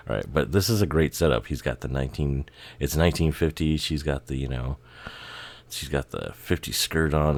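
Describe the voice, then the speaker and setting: A man's voice: a bass voice, dry recording. A man giving casual, rambling commentary over a music video, swearing and laughing, a bit tired and tipsy.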